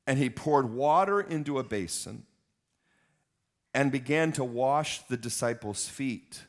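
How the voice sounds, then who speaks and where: A man's voice: mid-range voice, a little slow. A man in his fifties, a pastor preaching a sermon, emphatic and repeating words for stress.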